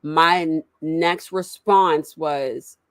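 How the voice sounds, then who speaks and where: A woman with a lowish voice tells stories in a relaxed talk. She acts out quotes with lively energy. The sound is dry and close, with no room echo. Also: very slow. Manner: animated storyteller, acts out quotes. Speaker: parent. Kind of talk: casual conversation.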